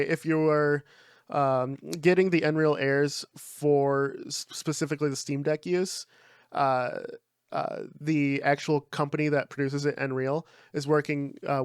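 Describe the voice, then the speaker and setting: A young man with a slightly high, smooth voice, recorded dry on a close mic. He chats casually on a podcast, relaxed and loose, dropping swear words and plenty of fillers. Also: dry recording. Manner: laid-back, swears freely, lots of fillers. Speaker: podcast co-host. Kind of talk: casual chat.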